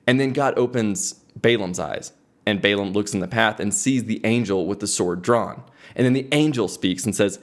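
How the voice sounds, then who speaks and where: A man's voice: on the low side, brisk. Young man retelling a story casually. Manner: conversational, frequent restarts. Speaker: podcast host.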